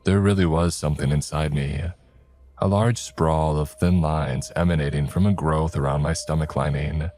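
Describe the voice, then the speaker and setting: A man narrating a first-person horror story in a measured, low-key way. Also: fairly even intonation, darkish tone, faint music behind.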